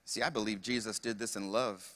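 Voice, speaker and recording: Young man, pastor, sermon, high bright voice, reverberant church hall. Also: steady tone, a little fast. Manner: preaching with call-outs to the congregation.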